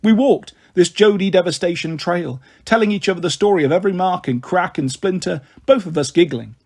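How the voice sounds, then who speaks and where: A man reading a children's novel aloud in a steady, expressive way. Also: sits high, a little fast. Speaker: storyteller.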